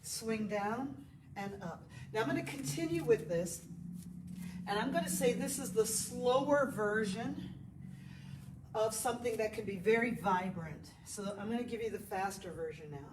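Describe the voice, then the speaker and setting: Her voice fairly high and at a normal speed, a woman teaching a live yoga class chats, encourages and counts out the poses, occasionally winded. The body mic is at times distant, leaving her off mic in an echoey space with faint background noise.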